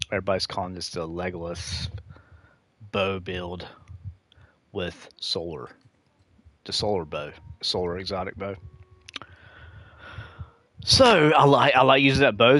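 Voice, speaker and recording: Rambling low-voiced male game streamer. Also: a bit bright, dry recording. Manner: rambling, easily sidetracked storytelling; laughs at his own stories. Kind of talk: casual live-stream chat.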